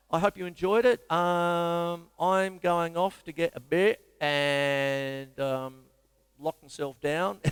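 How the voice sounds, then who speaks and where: A man's voice: fairly high pitch, clear, resonant tone, no room sound, big-room sound. A man with an Australian accent hosting a casual live-stream drum lesson, chatty and rambling with self-mocking asides. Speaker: drum teacher and show host.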